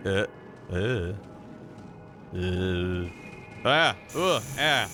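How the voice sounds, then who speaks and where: Low-pitched and sharp in tone, this man speaks very slowly but with lively intonation. He streams a game to viewers over video game music, giving casual commentary that's goofy and full of swearing and groans.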